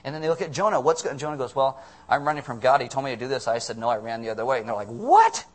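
A man's voice: mid-range voice, steady tone, very fast. A man preaching a casual, joking sermon, often acting out quotes in the voices of the people in the story. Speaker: pastor.

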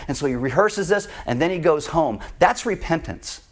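A man preaching a sermon, retelling a parable in an animated, conversational way. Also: a little high, normal speed, few pauses. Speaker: pastor.

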